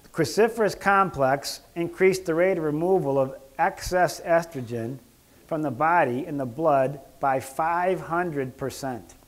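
A man giving a casual health lecture as a doctor, joking and rambling, clearing his throat often. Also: fairly high pitch.

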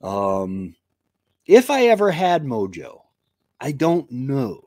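A man hosting a homesteading livestream, chatting casually and haltingly with many fillers and restarts, and poking fun at himself. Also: mid-range voice, huge pitch swings, warm tone, no room sound. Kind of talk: casual rambling chat.

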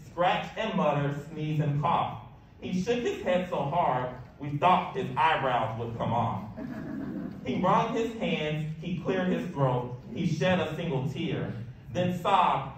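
A man reading a rhyming picture book aloud in a lively, sing-song way. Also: a little slow, distant mic. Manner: lively, sing-song delivery with big pitch jumps. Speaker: storybook reader. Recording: echoey room, voice off-mic, faint hiss.

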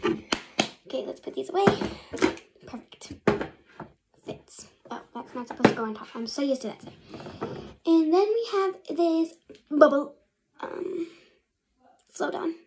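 A woman's voice: sits high, expressive, unhurried, long pauses, very noisy. A young female vlogger talking casually through her bedtime skincare routine, rambling and often half-whispering to herself. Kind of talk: casual get-ready-with-me vlog.

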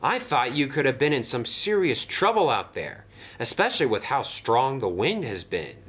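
A man's voice: medium pitch, big pitch swings, normal speed, a bit bright, slightly rough. A man voicing a sensible, friendly male engine in a toy train story. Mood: kindly.

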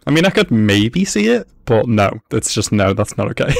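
A man's voice: medium pitch, big pitch swings, moderate pace, gravelly, few pauses, no echo, clean studio sound. A man giving casual, amused running commentary while reacting to an anime episode, laughing often.

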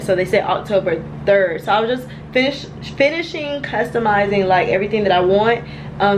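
A young woman in her twenties chatting casually to her viewers at home, filled with "like" and quick asides. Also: mid-range voice, a little hiss or hum, low-quality recording. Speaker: vlogger. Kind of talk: casual home vlog chat. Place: at home, indoors.

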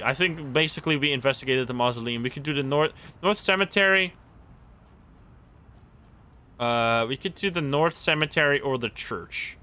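A young man livestreaming a game, thinking aloud in casual commentary, excitable and quick to laugh and exclaim. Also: fairly high pitch. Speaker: streamer playing a game. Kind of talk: casual live gameplay commentary.

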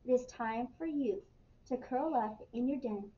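A woman voicing a calm little snail in a storybook, soft and unhurried. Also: on the high side, slight background noise, close to an everyday voice. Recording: muffled, distant mic with faint ambience.

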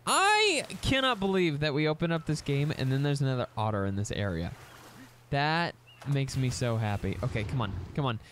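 Excitable gamer with a hugely swinging voice. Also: male voice, mid-range voice, normal speed, slight background noise. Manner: excitable, squeals and shouts at in-game pets. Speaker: let's play gamer. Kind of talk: gameplay commentary.

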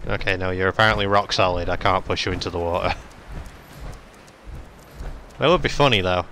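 A man playing a game on video, with a fairly low voice and a bright, forward tone. He jokes and swears sarcastically as he plays. A faint hiss runs under it. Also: brisk. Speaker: gaming video host. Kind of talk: let's play commentary.

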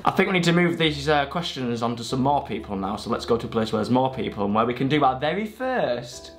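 A man's voice: medium pitch, big pitch swings, fast talker. A man hosting a vlog, chatting casually and playfully with friends. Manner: playful, laughs often. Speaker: vlog host. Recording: loud music under the voice.

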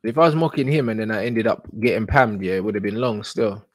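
A young man, giving live reaction commentary on football, slangy and shouting in disbelief. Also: on the low side, fast, no room sound. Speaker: football watch-along streamer.

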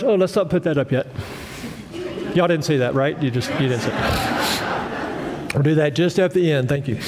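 A man's voice: on the high side, normal speed, pauses often, a little hiss or hum. A male pastor preaching a sermon in a conversational, emphatic way, repeating phrases for weight and asking the congregation questions.

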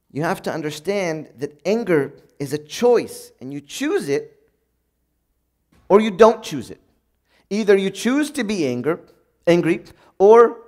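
Man, high voice, preacher, conversational sermon, acts out little scenes. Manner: conversational, acts out everyday moments in a bright upbeat voice.

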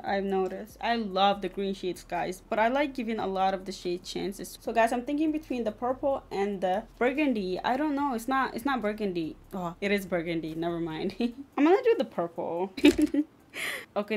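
A young woman vlogging a casual makeup tutorial, chatting to her viewers and breaking into excited exclamations. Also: mid-range voice. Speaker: beauty vlogger.

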